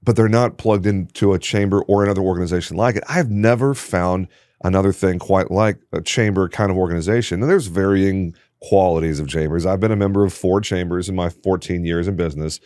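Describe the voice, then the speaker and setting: Male podcast host, very low voice, emphatic, dry studio mic. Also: fairly quick, a little mellow, no room sound. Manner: emphatic and enthusiastic. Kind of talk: casual conversation.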